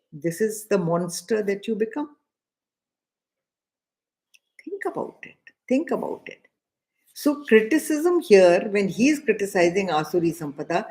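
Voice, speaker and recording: A middle-aged woman with an Indian English accent giving a spiritual discourse, deliberate and repeating key phrases, now and then chanting verses slowly. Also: medium pitch, mellow. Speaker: scripture teacher.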